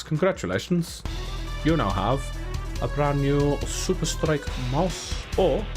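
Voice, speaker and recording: A man's voice: a little high, big pitch swings, slow, over music. A young man casually hosting a giveaway live stream, chatting playfully, cracking jokes and counting down. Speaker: giveaway live draw host.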